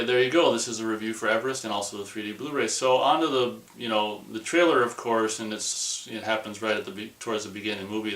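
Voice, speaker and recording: A man's voice: lowish voice, a bit bright, echoey room, far from the mic. A man giving a casual, rambling movie review, dismissive in tone, full of restarts and fillers.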